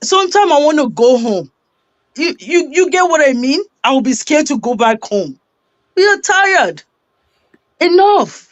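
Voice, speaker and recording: Casting: exasperated Yoruba Nigerian woman caller, high voice, dull phone-line audio. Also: no room sound. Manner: fed-up, repetitive, profane. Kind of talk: exasperated call-in rant.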